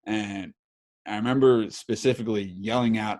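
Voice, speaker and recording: A man's voice: fairly low pitch, normal speed. A man in his thirties hosting a podcast, telling a story in casual chat full of swearing and fillers. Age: 30s. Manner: animated, swears a lot, many fillers. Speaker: podcast host.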